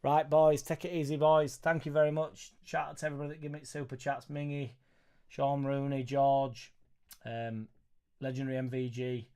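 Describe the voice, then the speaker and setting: A young man hosting a live football reaction stream, reading viewer messages in an excitable, sweary, joking way. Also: medium pitch, normal speed, clean tone. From Leeds, England. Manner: excitable, sweary, banter-filled. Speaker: football fan channel host.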